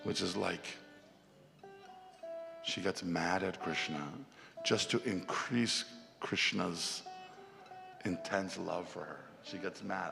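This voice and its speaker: A man retelling a devotional story in a casual, animated way to a festival gathering. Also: deep voice, slow pace, creaky, long pauses. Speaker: spiritual storyteller. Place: festival hall. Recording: long hall reverb, faint music.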